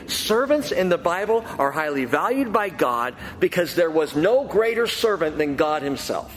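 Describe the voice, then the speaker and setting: A man's voice: a little high, big pitch swings, normal speed, hardly any pauses, big-room sound, slight background noise. A man preaching a sermon, working through scripture with an emphatic delivery and repeated key phrases. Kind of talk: expository sermon.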